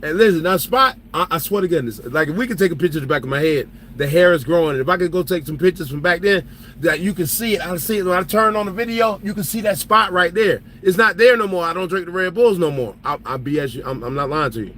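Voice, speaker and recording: A man's voice: sits high, quick pace, a bit bright, a little hiss or hum, low-quality recording. A man who drives trucks, telling stories in loose casual chat, joking and laughing as he talks. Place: truck cab.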